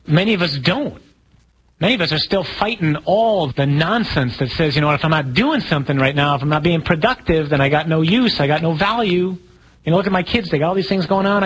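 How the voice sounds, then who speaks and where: A man preaching as a priest in a relaxed, conversational sermon, asking the audience questions and poking fun at himself. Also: high voice, husky, poor audio. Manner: conversational, asks the audience questions, self-deprecating humor. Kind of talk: sermon talk to a congregation.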